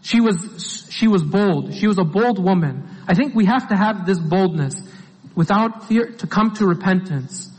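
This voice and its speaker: A man with a high voice preaches an informal sermon, earnest and steady as he puts question after question to his listeners. His voice rings out with a long hall reverb behind every phrase. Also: moderate pace, slightly rough.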